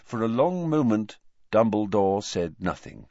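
Male audiobook narrator, lively dramatic storytelling, dry and slightly dull recording. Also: on the low side, a little slow, no room sound. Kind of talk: scripted narration.

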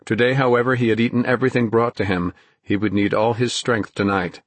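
A man narrating a novel as an audiobook, in a measured, even storytelling way. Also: medium pitch, no echo. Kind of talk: scripted narration.

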